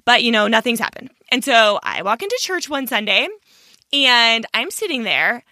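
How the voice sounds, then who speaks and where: Woman, young adult, podcast guest, animated storyteller, high voice, lively pitch. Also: moderate pace, no room sound. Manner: animated, acts out quoted thoughts and speech.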